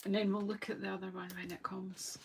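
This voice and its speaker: A woman's voice: medium pitch, level tone, a little fast, creaky, noisy background. A woman from Scotland, a craft demonstrator, chatting casually and thinking aloud as she works through a live crafting session.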